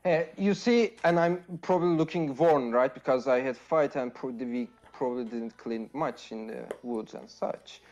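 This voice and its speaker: A man's voice: mid-range voice, normal speed, few pauses, darkish tone, muffled recording. A man playing in a tabletop game, talking hesitantly with many fillers. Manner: hesitant, many ums and restarts. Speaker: player. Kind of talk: casual tabletop play.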